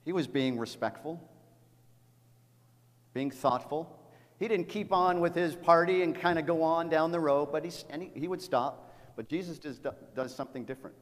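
A middle-aged pastor preaching in a church, earnest and a little halting, doubling words as he goes. His voice sits somewhat high for a man. The big sanctuary gives it a long, ringing reverb. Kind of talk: sermon. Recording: long reverb of a large hall.

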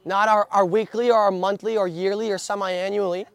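A man's voice: sits high, flat delivery, fairly quick, clean tone. A young man preaching a sermon, telling stories with many restarts and fillers. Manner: storytelling with frequent restarts and filler.

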